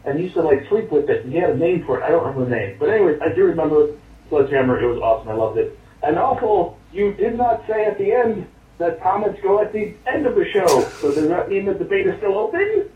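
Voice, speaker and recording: A man's voice: sits high, big pitch swings, fast talker, slight background noise. A man leaving a chatty, rambling voice message full of fillers and restarts. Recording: tinny phone message played over a speaker, distant and echoey.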